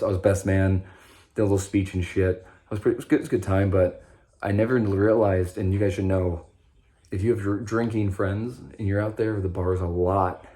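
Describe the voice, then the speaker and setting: A young man with a low voice talks straight to the camera in an unscripted monologue. He rambles and swears freely, breaking off and restarting his sentences. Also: mellow. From Nebraska. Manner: rambling, profane, stop-start with many restarts. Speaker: vlogger sharing recovery story.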